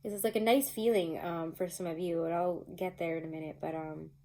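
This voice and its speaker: A woman's voice: lowish voice, steady tone, fairly quick, dark tone, rough recording. A woman doing a casual tarot reading to camera, chatty and rambling, often breaking into laughter. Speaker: tarot reader.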